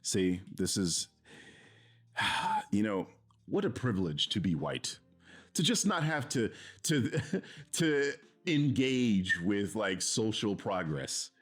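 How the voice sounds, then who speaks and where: A man's voice: fairly low pitch, sing-song, slow pace, husky. A man streaming, reacting to a video in heated casual commentary, swearing and mocking with an exasperated tone. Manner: profane, exasperated, mocking laughs.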